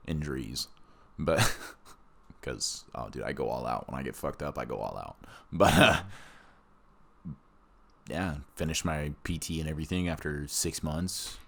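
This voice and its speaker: A man's voice: a bass voice, unhurried, gravelly, fairly bright tone. A man, a war veteran, telling his story in casual, profane podcast chat, blunt and often laughing.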